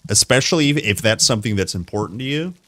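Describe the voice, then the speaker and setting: A man's voice: on the low side, animated, quick pace, a bit bright, dry recording. A young man live-streaming a game, chatting loosely with viewers, often correcting himself mid-sentence and laughing at the chat. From America. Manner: rambling, self-correcting, answers chat with laughs.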